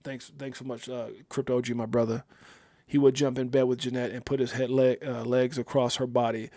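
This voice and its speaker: A man in mourning hosts a casual livestream, speaking at a middling pitch. He talks haltingly, with many fillers and restarts, and reads viewer comments aloud between his own thoughts. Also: level tone, warm tone. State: grieving. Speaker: livestream host.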